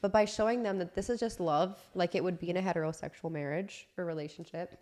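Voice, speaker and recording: A woman's voice: lowish voice, steady tone, fast, a little mellow. A woman talking earnestly in casual podcast chat, giving encouraging advice on confidence and acceptance.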